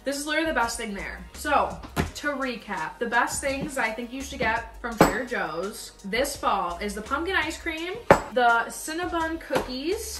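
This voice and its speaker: A young woman chatting casually and bluntly as she taste-tests food for her vlog. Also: sits high. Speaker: vlogger. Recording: echoey room, mic at a distance. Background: faint music.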